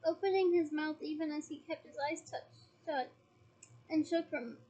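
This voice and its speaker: A woman's voice: sits high, steady tone, normal speed, mellow. A woman reading a novel aloud with dramatic expression and chatty asides to her listeners. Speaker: audiobook reader.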